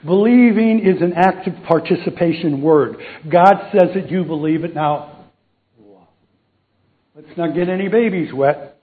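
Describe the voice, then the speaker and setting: A man's voice: high voice, measured pace. A man preaching a sermon, joking and quizzing the congregation with questions. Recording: tinny phone-like recording.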